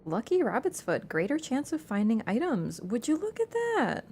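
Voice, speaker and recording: A woman's voice: on the high side, huge pitch swings, normal speed, darkish tone, a little hiss or hum. A woman game streamer in casual live-stream chat, playful and chatty, talking to her cat between lines and laughing easily. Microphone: wearing an earbud headset.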